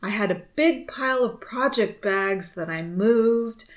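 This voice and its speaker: A woman's voice: a little high, a little slow. A woman co-hosting a knitting podcast, telling a chatty story with frequent laughs. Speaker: podcast co-host. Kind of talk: casual chat.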